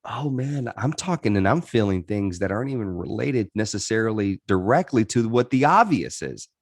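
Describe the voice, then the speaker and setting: A man's voice: fairly low pitch, very animated, fairly quick, no room sound. Earnest man telling his story, dry sound. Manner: earnest, reflective, frequent restarts. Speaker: podcast guest. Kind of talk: candid interview storytelling.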